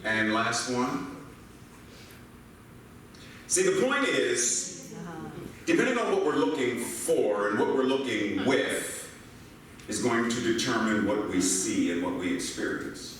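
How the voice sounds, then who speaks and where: Here an older American man preaches as a minister, his medium-pitched voice slow and often pausing. He tells playful stories animatedly and poses rhetorical questions to his congregation. A faint hiss or hum sits under the echoey, distant hall-mic recording from the church sanctuary.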